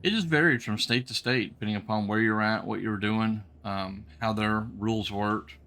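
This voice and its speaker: A man streaming a trucking game from a home setup, telling an old road story into a desk microphone. His voice is a little low, yet bright and forceful. He rambles in a folksy way, full of ums and restarts as he talks. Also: fairly even intonation, normal speed. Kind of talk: casual storytelling while gaming.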